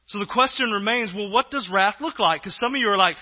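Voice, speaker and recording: A male pastor preaching an emphatic sermon, his voice rising loud and then dropping to a hush. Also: sits high, fast talker, hardly any pauses, lo-fi sound. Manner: emphatic preaching, swinging between loud and hushed.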